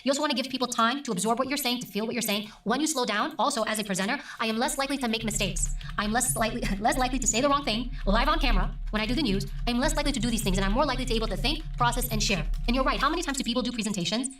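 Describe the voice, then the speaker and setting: A middle-aged woman who works as a news presenter, talking emphatically and deliberately as an interview guest. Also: on the high side, a bit bright, reverberant, recorded from a distance, soft background music. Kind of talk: conversational interview.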